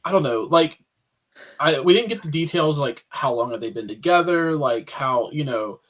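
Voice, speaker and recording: A man co-hosting a podcast, his voice sitting a touch high. He chats in a loose, easygoing way and drops plenty of fillers as he talks. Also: normal speed. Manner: relaxed and conversational, lots of "like". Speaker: podcast co-host. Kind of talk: casual chat.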